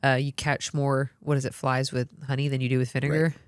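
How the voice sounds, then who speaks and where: A physician assistant with a mid-range voice chats casually on a podcast. They sound friendly and affirming and slip in quick asides. The recording is dry and close. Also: medium pitch, level tone, clear, resonant tone, dry recording.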